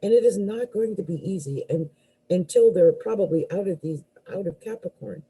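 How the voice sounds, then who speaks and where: A woman's voice: medium pitch, moderate pace, mellow, husky, poor audio. A woman astrologer giving a live tarot reading, musing aloud with hesitant fillers and restarts and exclaiming in surprise as cards fall out.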